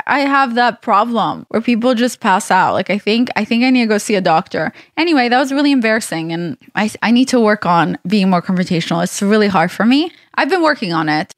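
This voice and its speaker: A young adult woman hosting a podcast, telling a personal story in an animated, laughing, expressive way. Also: mid-range voice, brisk, hardly any pauses, no room sound, clean studio sound. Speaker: podcast host. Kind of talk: casual storytelling chat.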